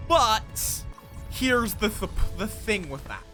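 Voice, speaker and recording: A man's voice: sits high, sing-song, takes it slowly, bright, forceful tone, soft background music. A man casually commenting on his live game stream, chatty and thinking aloud, greeting viewers as he builds.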